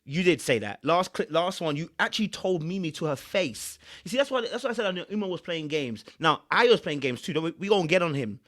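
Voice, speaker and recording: Male relationship coach, reaction host, emphatic and preachy, voice sits a bit high. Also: animated, a little fast, few pauses, fairly bright tone. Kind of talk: reaction commentary.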